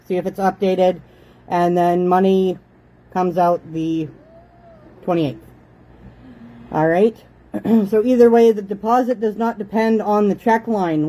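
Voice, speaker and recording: A Canadian woman in her thirties hosts a casual livestream from her living room, chatting with viewers in a relaxed, motherly way. Her medium-pitched voice is warm and mellow, and she keeps breaking off to scold her kids to eat nicely, like a busy mom. The recording is rough.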